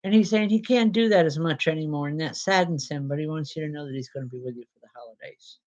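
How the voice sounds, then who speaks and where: A woman medium giving spirit readings to a live audience, talking in a halting, searching way with many fillers and restarts. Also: sits low, darkish tone, highs cut off.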